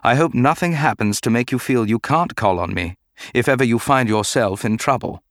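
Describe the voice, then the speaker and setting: A man voicing a calm, measured middle-aged Jedi knight who speaks gently and formally. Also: medium pitch, dry recording, studio quality, close to an everyday voice. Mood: gentle.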